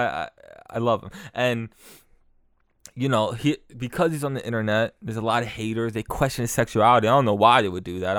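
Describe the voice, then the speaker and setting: A man hosting a podcast, giving crude comic commentary on clips, laughing often and excitable. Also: lowish voice, dry recording, clean studio sound. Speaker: podcast host.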